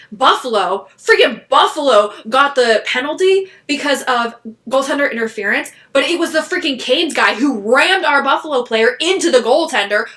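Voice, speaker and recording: Woman podcast co-host, excitable rambler, bright tone. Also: on the high side. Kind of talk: casual chat.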